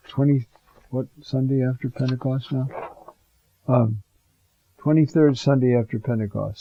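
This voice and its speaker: A man's voice: medium pitch, creaky, no room sound, muffled recording. A man preaching a homily as a priest, conversational and full of fillers and asides.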